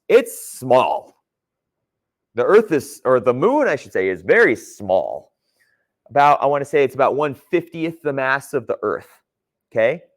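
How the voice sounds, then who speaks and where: A man teaching a geology class in a conversational lecture style, often checking in with his students. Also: a little high. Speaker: geology instructor.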